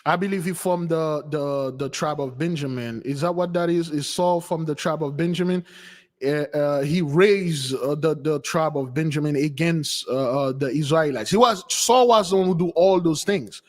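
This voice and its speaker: High-voiced man preaching in a reverberant hall. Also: normal speed. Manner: animated storytelling, acts out voices. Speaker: spiritual teacher. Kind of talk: storytelling sermon.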